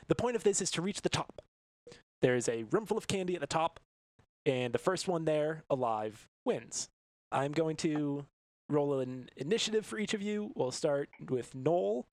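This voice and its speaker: A man's voice: a little high, expressive, moderate pace, no room sound. A man running a tabletop game as game master, explaining rules and describing rooms in an upbeat way, laughing between descriptions. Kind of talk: narrating a tabletop game on a podcast.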